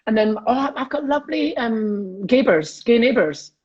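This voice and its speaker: A man's voice: extremely high pitch, expressive, moderate pace, a little mellow, slightly rough, dull audio. A Scottish man, a comedian, chatting cheekily on a video call and laughing often. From Scotland. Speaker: comedian guest. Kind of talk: casual chat on a video call.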